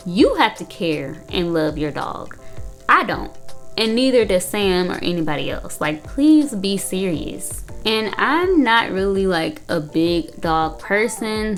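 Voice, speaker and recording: A young woman who is a counseling student hosts a reaction video, recapping and responding to a reality show in casual, blunt chat. Her mid-range voice is fairly bright, and her speech is full of "like" and "you know."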